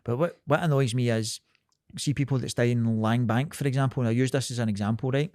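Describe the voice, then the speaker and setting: A young Scottish man with a Glasgow accent talks in a blunt, rambling way, swearing freely. His voice sits at an ordinary pitch. The sound is dry and close, with no room around it. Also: fast talker, darkish tone, dry recording. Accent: Scottish, Glasgow area. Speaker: podcast co-host. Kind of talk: casual chat.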